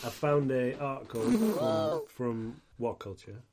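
A man's voice: medium pitch, huge pitch swings, slow, a crowd in the background. A man from the northeast of England, co-hosting a podcast in casual chat, who swears freely and reads out passages at length. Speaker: podcast co-host.

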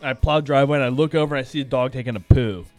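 A man's voice: mid-range voice, very fast, darkish tone. Laid-back guy on a podcast, cussing, casual stories, faint music behind. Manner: laid-back, swears freely, laughs while telling stories. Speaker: podcast host. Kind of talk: casual storytelling chat.

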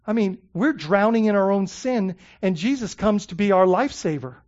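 A pastor delivering a sermon in an emphatic, earnest way, stumbling into repeated words and tossing questions back to the listeners. The pitch sits in a middle range. The recording sounds muffled and lo-fi. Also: lively intonation, moderate pace, a little mellow.

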